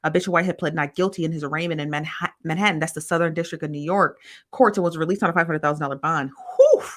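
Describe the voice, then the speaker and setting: A woman's voice: low-pitched, racing. A woman hosting a casual live stream, reading viewer comments aloud and answering them. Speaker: host reading live chat.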